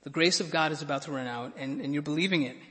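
A man preaching with a high, bright, forceful voice, earnest and prone to stumbling over repeated words. He surges to emphatic peaks as he drives his points home. The sound carries the long reverb of a large hall. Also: fast. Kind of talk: sermon.

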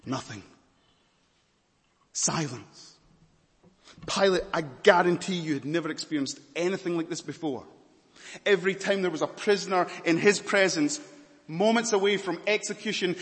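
A man's voice: fairly high pitch, animated, measured pace, a bit bright, long reverb tail. A man preaching a dramatic sermon in a church, questioning the congregation intently.

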